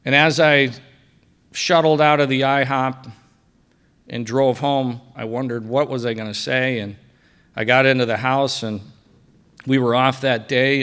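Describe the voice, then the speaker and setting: A middle-aged man giving a personal faith testimony at a breakfast event, telling his story and dropping quiet for quoted lines. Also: mid-range voice, smooth. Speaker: guest speaker sharing testimony. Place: banquet hall at a breakfast event.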